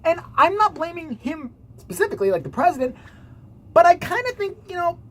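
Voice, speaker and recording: A woman's voice: very high voice, very animated, brisk, slight background noise. A woman vlogger giving casual, sarcastic commentary, swearing freely.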